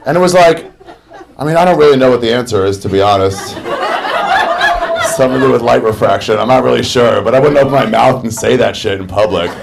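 A man's voice: medium pitch, quick pace, gravelly, noisy background. Crude, sarcastic male stand-up comic. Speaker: stand-up comedian. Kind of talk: stand-up storytelling.

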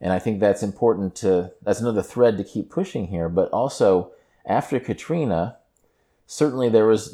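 Low-voiced host, chatty and conversational. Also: male voice, dark tone. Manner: conversational, asides and rephrasings. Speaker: radio host. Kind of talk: interview conversation.

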